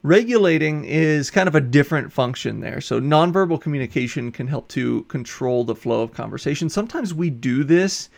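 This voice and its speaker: A man's voice: on the high side, fairly quick, gravelly, few pauses. A man who is a college instructor, giving a recorded lecture and explaining ideas step by step with examples, now and then correcting himself mid-word. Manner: explanatory, steady, gives worked examples. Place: recorded for an online course video.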